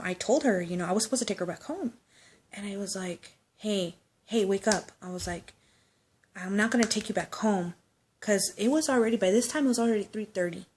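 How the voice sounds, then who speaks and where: A woman's voice: medium pitch, darkish tone, a little hiss or hum. A woman casually telling a personal anecdote, chatty and loose, with swearing and laughing asides. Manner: chatty storytelling, swears, laughs, acts out quotes.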